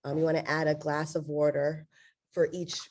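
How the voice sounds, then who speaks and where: A woman's voice: low voice, moderate pace. A woman laryngologist giving an online medical lecture, with a congested, nasal voice and frequent "um"s. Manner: steady explanatory delivery with frequent fillers.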